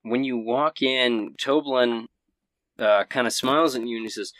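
A man's voice: medium pitch, a little slow, a bit bright, no echo, rough recording. Laid back guy narrating his tabletop game, lots of ums, dry close sound. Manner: casual, rambling, many fillers. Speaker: game master.

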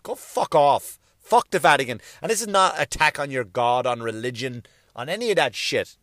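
A man's voice: fairly high pitch, fairly bright tone, dry recording, studio quality. A male comedian delivering a profane, emphatic solo rant, hammering his points home through repetition.

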